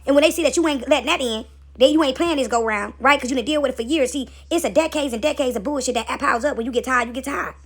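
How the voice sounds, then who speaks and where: A woman preaching casually on a home video, animated and slangy, swearing freely and often laughing. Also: high voice, fast. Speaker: spiritual video creator and mother. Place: home, seated with dogs nearby.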